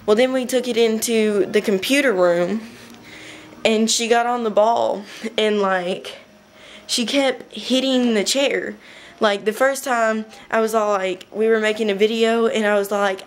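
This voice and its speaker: A young woman casually telling a rambling story to her webcam at home, chatty and giggly, with quick bursts. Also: fairly high pitch, steady tone. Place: home room.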